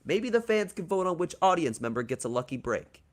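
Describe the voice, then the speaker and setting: A man's voice: high voice, big pitch swings, fairly quick, voice pushed up. A man reading out a smug wrestling authority figure's on-screen message in a mock-polite tone.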